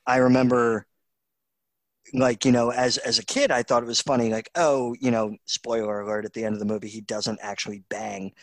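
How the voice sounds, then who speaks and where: A man's voice: medium pitch, steady tone, brisk, dry recording. A man co-hosting a podcast in casual chat, amused and laid-back as he recounts film moments. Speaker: podcast co-host.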